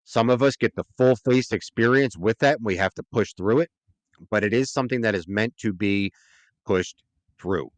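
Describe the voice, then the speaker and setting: A man's voice: lowish voice, moderate pace, no echo. A man, a podcast guest, talking earnestly and at length in a casual interview, often checking in with "right?".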